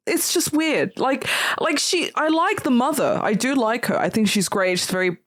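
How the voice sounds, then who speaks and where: A woman's voice: a little high, expressive, a little slow, fairly bright tone, no room sound, studio quality. A woman co-hosting a podcast in casual chat, hesitant and laughing, with many restarts. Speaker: podcast co-host.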